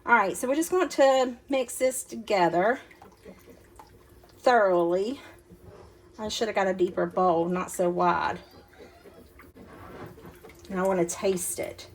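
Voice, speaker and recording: Slow and pausing often, a woman with a mid-range voice hosts a casual cooking demonstration at home, chatting to her viewers in a folksy way. Slight background noise includes kitchen clatter from dishes and utensils.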